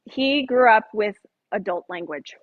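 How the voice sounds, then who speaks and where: Over phone-quality audio, a middle-aged woman leads a women's Bible study in a mid-range, animated voice at a measured pace. She's chatty, joking with the group and acting out voices when she quotes.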